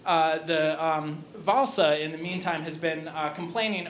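High-voiced man joking through an opera plot. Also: normal speed, hardly any pauses, a bit bright. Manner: casual and jokey, with many fillers and restarts. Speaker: lecturer. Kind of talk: humorous opera plot retelling.

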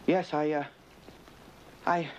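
An actor playing a shaken, guilty visitor who stammers and evades. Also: male voice, on the high side, level tone, slow pace, darkish tone, slight background noise. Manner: stammering, evasive. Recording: dull old TV sound.

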